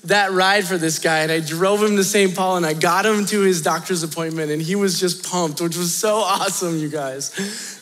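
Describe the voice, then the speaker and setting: A man as youth pastor, telling a story in an animated, chatty sermon to students, often laughing and talking straight to them. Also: sits high. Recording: long reverb of a large hall.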